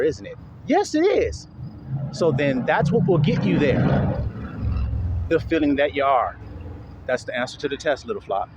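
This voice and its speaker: A man preaching in a casual, slangy street style, switching between loud and hushed delivery and acting out the voices of his listeners. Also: high voice, noisy background. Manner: casual slangy talk with swearing.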